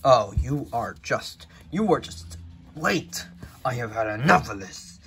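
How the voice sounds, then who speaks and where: A man who voices every character in his own fan-made toy drama. He talks in an excitable way and shouts battle cries. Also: mid-range voice, slow, soft background music. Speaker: creator voicing all characters.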